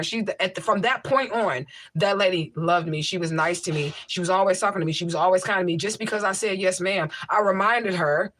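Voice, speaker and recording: A woman answers her livestream viewers' comments in a blunt, casual style, hammering points home through repetition, using a mic with a homemade tissue filter. She speaks fairly quickly with few pauses, in a lowish, fairly bright voice with no echo.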